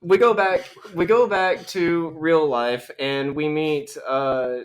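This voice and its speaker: A man's voice: on the high side, steady tone. A young man casually recapping a film on a podcast, rambling and joking as he quotes the characters. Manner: rambling, jokey storytelling with quick character quotes. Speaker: podcast co-host.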